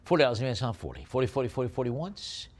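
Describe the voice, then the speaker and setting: A man calling a live auction, rattling off bids in a quick chant and slowing down to describe each lot. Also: mid-range voice, very animated. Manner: rapid bid-calling chant alternating with slower item descriptions.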